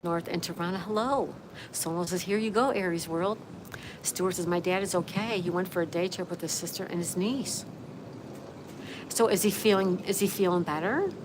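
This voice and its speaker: A woman with a lowish voice hosts a casual livestream outside with a view, speaking at normal speed over background noise. She reads viewers' comments aloud and chats back to them warmly.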